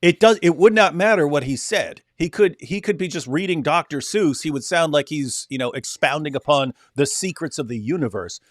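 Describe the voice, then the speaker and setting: A man's voice: fairly high pitch, normal speed, few pauses, no room sound. Man chatting on a livestream, dry sound. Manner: animated, mocking asides. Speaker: livestream co-host. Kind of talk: casual livestream chat.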